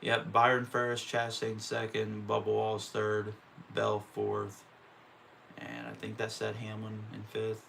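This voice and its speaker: A man's voice: on the low side, monotone, a little slow, gravelly, a bit bright, slight background noise. A man on a live stream calling a stock car race lap by lap, swearing and ranting in open frustration between calls. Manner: profane, openly frustrated ranting. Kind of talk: casual live-stream play-by-play.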